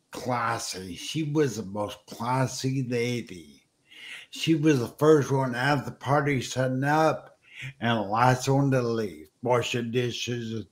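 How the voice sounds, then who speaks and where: Halting, emotional male show host. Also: mid-range voice. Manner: emotional, halting, repeats words. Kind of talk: casual livestream talk show.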